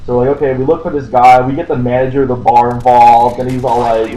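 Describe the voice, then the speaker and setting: A man's voice: mid-range voice, fairly even intonation, normal speed, warm tone. A young man telling a long story in casual chat, rambling, laughing often and swearing freely. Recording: roomy echo with faint ambience.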